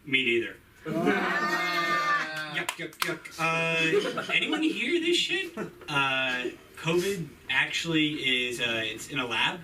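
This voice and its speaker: A man's voice: a little high, big pitch swings, a little slow. A man doing wry, crude, self-mocking stand-up at an open mic. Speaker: stand-up comic. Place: comedy club stage. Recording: distant, noisy club recording.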